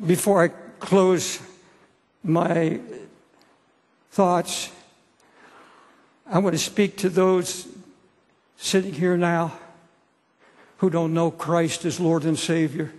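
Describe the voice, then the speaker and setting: Husky older man preaching in a hall. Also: high voice, steady tone, slow, long pauses, darkish tone. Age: 70s. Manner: earnest, repeats phrases for emphasis. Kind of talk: sermon. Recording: long hall reverb.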